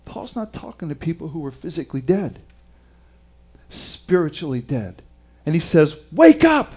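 A man preaching a sermon, reading scripture and retelling it with dramatic, emphatic delivery and wide swings in loudness. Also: on the high side, moderate pace, husky.

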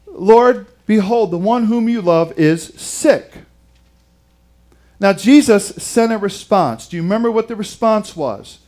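A male preacher with a notably high voice. He delivers a sermon with dramatic swings, dropping into quiet, slow phrases for weight and putting questions to his listeners. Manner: dramatic dynamics, dropping to hushed tones for emphasis; asks the audience questions. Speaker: pastor.

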